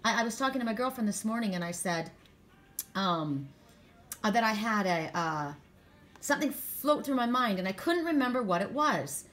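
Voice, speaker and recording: A woman's voice: mid-range voice, animated, normal speed, a bit bright. A woman doing a spiritual card reading for viewers, talking in a rambling, encouraging way with frequent restarts. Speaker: tarot and oracle card reader.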